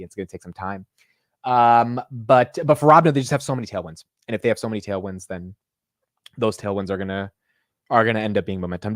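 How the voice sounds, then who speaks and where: A man hosting a stock market show, rattling off his thoughts quickly in loose, slangy casual chat. His voice sits at an ordinary pitch and is recorded close and dry, with no room sound. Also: dry recording. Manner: fast, animated, casual with slang and restarts. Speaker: host.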